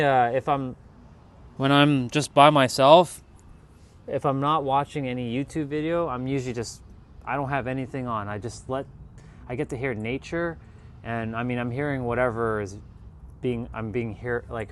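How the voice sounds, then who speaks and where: A man talks casually to his livestream from outside in a yard, at an ordinary middle pitch. His talk is chatty and rambling, drifting from thought to thought with an encouraging tone. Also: moderate pace, slight background noise.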